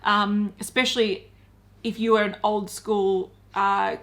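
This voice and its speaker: A woman's voice: medium pitch, flat delivery, takes it slowly, a bit bright. A woman co-hosting a beauty news show, running through product details in a casual, conversational way. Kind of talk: casual chat.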